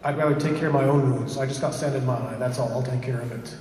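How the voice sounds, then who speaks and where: A man's voice: mid-range voice, steady tone, darkish tone, lightly acted. A man playing a sly raven trickster. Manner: quick, evasive, persuasive. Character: sly male raven trickster in human form. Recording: echoey hall from far off.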